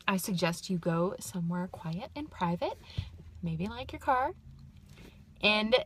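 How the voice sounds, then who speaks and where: Woman, middle-aged, casual advice vlog, upbeat, chatty, asides, medium pitch. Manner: upbeat, chatty, with frequent asides and "right?" tags. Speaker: vlogger giving life tips. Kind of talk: casual direct-to-camera advice.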